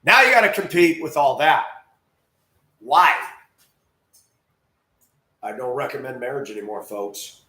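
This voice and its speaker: A man ranting crudely in a monologue, breaking into loud outbursts and mocking voices. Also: medium pitch, sing-song, a little slow, pauses often, reverberant. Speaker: host.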